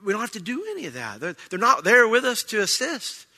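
A man preaching a sermon, conversational at times and rising to loud, emphatic bursts. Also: high voice, very animated, fairly quick. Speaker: pastor. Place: church sanctuary.

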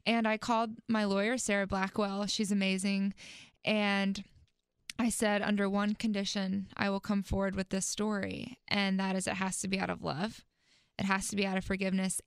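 Earnest young woman, smooth voice. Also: medium pitch, dry recording, studio quality. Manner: earnest, faith-driven, laughs easily. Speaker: guest. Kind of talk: interview answers.

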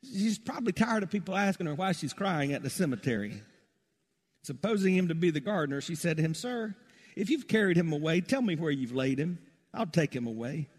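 A middle-aged man preaches in a church sanctuary, his somewhat high voice climbing to loud, emphatic peaks before falling to soft, low asides. The long reverb of the large hall trails behind every phrase. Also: lively intonation, a little fast, slightly rough. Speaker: pastor. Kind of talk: sermon.

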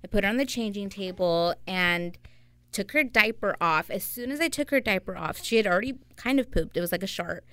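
A young adult woman co-hosting a podcast, telling an animated, chatty story in casual conversation. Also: mid-range voice, fairly quick, no room sound. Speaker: podcast co-host. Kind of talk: casual chat.

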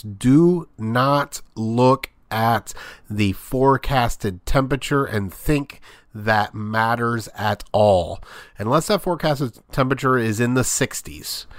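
A man's voice: medium pitch, fairly bright tone, no echo, clean studio sound. A man hosting a sports podcast, talking through his views in a rambling, conversational way with lots of fillers. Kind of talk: casual sports commentary monologue.

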